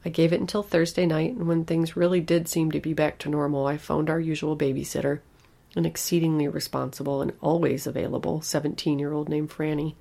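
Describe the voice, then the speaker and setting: A woman's voice: low-pitched, level tone, brisk, creaky, dark tone. A woman narrating a first-person horror story in an anxious, intimate way.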